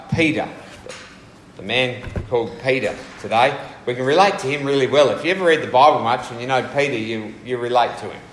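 A man preaching a relaxed, conversational sermon and asking his congregation questions as he goes. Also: medium pitch, slight background noise. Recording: echoey room with faint ambience.

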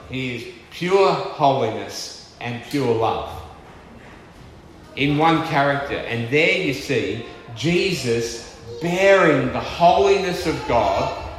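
A man preaching a sermon with earnest, emphatic delivery, slowing down to stress key words. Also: medium pitch, expressive, fairly bright tone, slight background noise. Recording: echoey church hall with long reverb.

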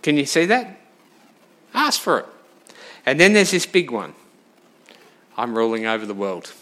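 A man preaching a sermon, lively and direct, asking the congregation questions and moving between loud emphasis and quiet asides. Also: mid-range voice, a little slow. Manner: animated, talks straight to the congregation with questions.

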